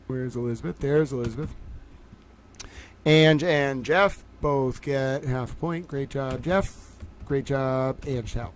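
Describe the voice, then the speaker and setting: A man hosting a casual livestream trivia game, calling out viewers by name and praising them, swinging from loud excitement to quiet muttering. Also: medium pitch, takes it slowly, slight background noise. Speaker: livestream host running trivia.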